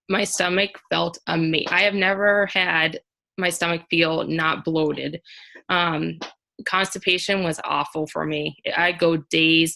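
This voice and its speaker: A woman sharing a personal story on a group call, hesitant and soft-spoken, with many fillers. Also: on the low side. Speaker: caller sharing a testimony.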